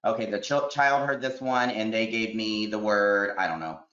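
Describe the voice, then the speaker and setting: A man's voice: on the low side, fairly even intonation, normal speed, fairly bright tone. A man leading a teacher training webinar, explaining classroom routines step by step with examples over a video call. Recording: echoey room, slightly dull audio.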